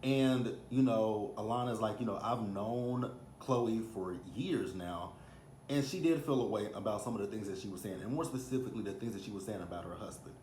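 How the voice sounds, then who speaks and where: A chatty Texan man in his thirties recaps a reality show in an easygoing, animated way and slips into little voices for quotes. His voice sits on the lower side. The room is echoey, with a soft ambient hiss behind him. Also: quick pace, few pauses. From Texas. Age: 30s. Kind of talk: casual recap commentary. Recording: roomy echo, faint ambience.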